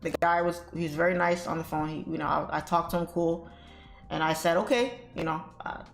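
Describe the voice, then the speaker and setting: Lady venting a story to her stream, kinda low voice, swears a lot, faint music behind. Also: a little fast, gravelly. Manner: animated, exasperated, salty language, addresses viewers as y'all. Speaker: trading livestream host. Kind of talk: casual storytelling to viewers. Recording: roomy echo with faint music.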